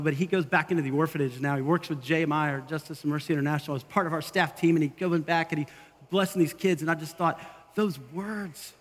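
A man pastor giving an animated sermon, acting out quoted voices as he goes. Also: a little high, in a large hall.

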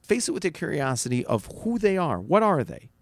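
A man speaking as a rabbi and teacher in a casual talk, with a slightly high voice and a gravelly edge. He tells stories with animation, acting out the voices of others and restarting his phrases. The sound is dry and close. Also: fairly quick, dry recording. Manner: animated storyteller acting out quotes, many restarts. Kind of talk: casual spoken advice on a podcast.

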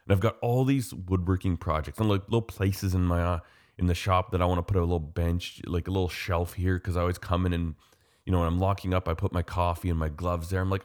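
A man's voice: sits low, fast, darkish tone. A man from Canada chatting casually and enthusiastically, rambling with lots of fillers. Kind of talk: casual chat.

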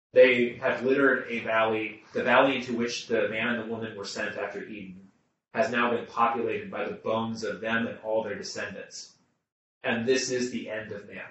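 A man's voice: mid-range voice, fairly bright tone, slight background noise. A man leading a group Bible study, thinking aloud with restarts and putting questions to the people around him. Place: room with a small group. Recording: muffled, echoey room, mic far off.

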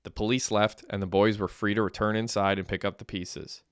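Smooth low-voiced male audiobook narrator. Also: little pitch movement, a little fast, dry recording, clean studio sound. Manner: plain, matter-of-fact reading. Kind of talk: scripted narration.

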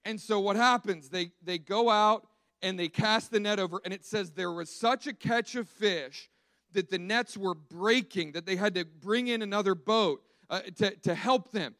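A man preaching a sermon in an animated storytelling way, acting out the quotes he tells. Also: high voice, moderate pace, dry recording.

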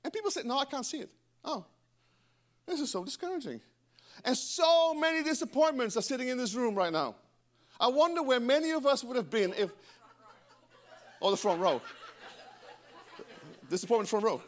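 A middle-aged man preaching a sermon in church, animated and breaking into joking asides to the congregation. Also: very high-pitched, moderate pace, long pauses. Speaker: pastor.

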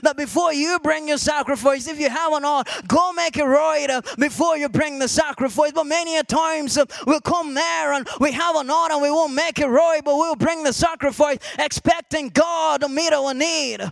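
A man preaching a sermon to a congregation, repeating "amen" often and rising to shouted emphasis. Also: very high-pitched, steady tone, normal speed, creaky, hardly any pauses, dry recording.

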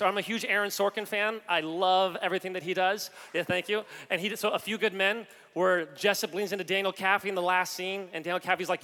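A man, an executive coach, giving a joking, animated conference talk and addressing the audience directly. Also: sits high, fast talker. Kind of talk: energetic humorous stage talk. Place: large hall on a conference main stage. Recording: long hall reverb.

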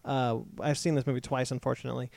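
A man in a casual film discussion, jumping in eagerly with quick details. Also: medium pitch, level tone, gravelly, darkish tone, dry recording.

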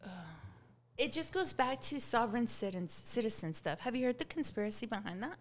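Giggly animated woman chatting. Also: on the high side, fairly quick. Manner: giggly, laughs often, animated. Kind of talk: casual group chat.

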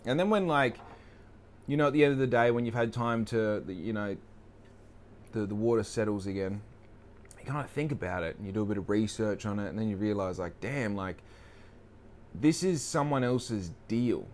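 A man's voice: lowish voice, brisk, slight background noise. A young man talking casually in a rambling, profane, self-deprecating way. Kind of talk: casual monologue.

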